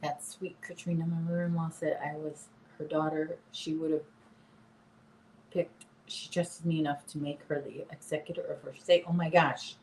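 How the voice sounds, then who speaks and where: A woman's voice: low-pitched, flat delivery, normal speed, darkish tone, roomy sound, slight background noise, rough recording. A woman in her late forties hosting a casual live chat, talking to her viewers and her dog. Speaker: livestream host. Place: apartment room.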